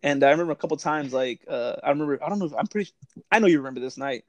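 A man's voice: a little high, animated, rapid-fire, no echo. A young man hosting a casual chat, telling old service stories, swearing freely and laughing often. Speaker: podcast host.

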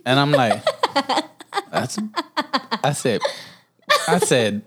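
A man co-hosting a podcast, telling a long personal story in an unhurried drawl. He swears casually and often breaks into laughter at his own tale. His voice sits at an ordinary middle pitch. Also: breathy edge. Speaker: podcast co-host.

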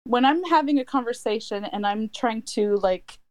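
A woman's voice: on the high side, moderate pace, no echo. A middle-aged woman chatting casually as a podcast co-host, laughing often and trailing off into restarts. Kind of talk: casual chat.

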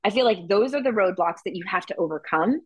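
A woman's voice: mid-range voice, lively intonation, fast talker, husky, dry recording, muffled recording. A woman co-hosting a podcast, telling a story in a casual chat with lots of filler words. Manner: chatty storytelling, heavy use of "like". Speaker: podcast co-host.

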